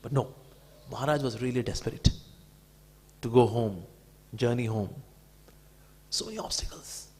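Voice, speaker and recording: A man giving a devotional storytelling talk, animated and acting out the people in it. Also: medium pitch, moderate pace, long pauses, breathy edge. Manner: animated, acts out quotes. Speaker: devotee speaker.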